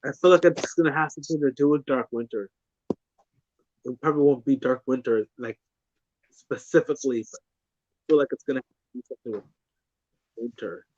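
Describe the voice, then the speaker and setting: A man's voice: mid-range voice, brisk, long pauses, darkish tone, no room sound, highs cut off. A young man in casual chat, rambling and swearing, often repeating words as he talks.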